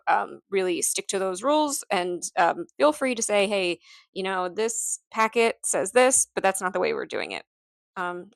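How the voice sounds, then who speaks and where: A woman's voice: medium pitch, vocal fry, dry recording. A woman teacher casually walking through lesson concepts, with many ums, restarts and small laughs. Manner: informal, frequent ums, self-correcting, light laughs. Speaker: literacy teacher. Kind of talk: casual recorded teaching walkthrough.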